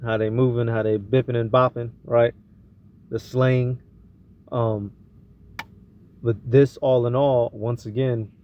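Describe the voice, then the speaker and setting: A man's voice: medium pitch, flat delivery, takes it slowly, pauses often, lo-fi sound, slight background noise. A man hosting a reaction show, commenting on clips in casual slang and drifting into preaching.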